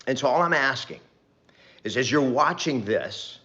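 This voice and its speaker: A middle-aged man talks straight to camera as a motivational real estate coach, with a voice of ordinary pitch. He is earnest and rambling and keeps repeating phrases to drive the point home. The recording sounds a little dull. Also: lively intonation, moderate pace, bright, forceful tone. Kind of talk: direct-to-camera motivational talk.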